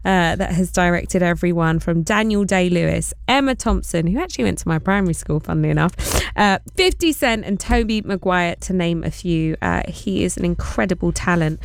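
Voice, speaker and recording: A woman's voice: lowish voice, fairly quick, gravelly, no room sound. A woman presenting a live radio show, chatting in a bubbly way and laughing often. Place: radio studio.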